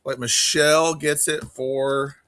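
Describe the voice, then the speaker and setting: A man hosting a live online auction stream, chatting casually and quickly calling bids while greeting viewers by name. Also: on the high side, steady tone, bright, forceful tone, no echo.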